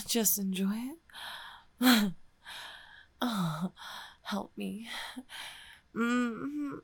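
A young woman voicing a shy gamer girl confessing her feelings in a whispered role-play, breathy and halting. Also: mid-range voice, dry recording, full character voice. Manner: breathy, sighing, halting, flustered. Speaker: audio role-play performer.

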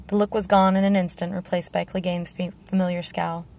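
A woman narrating a fantasy audiobook, her voice low and gravelly with very little rise and fall. She reads in a steady, measured way. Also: slight background noise. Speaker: audiobook reader.

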